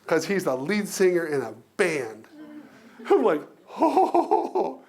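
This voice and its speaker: A man giving a lively keynote speech to an audience, telling stories, acting out voices and laughing often. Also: fairly high pitch, a little slow. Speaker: keynote speaker. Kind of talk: live storytelling speech.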